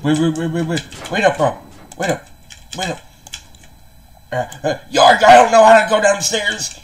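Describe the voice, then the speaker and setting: A man's voice: on the high side, measured pace, voice pushed up, lightly acted. A man voicing a lost male animatronic pirate fox in a casual game role-play, stammering and adding a pirate growl to his lines. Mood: anxious.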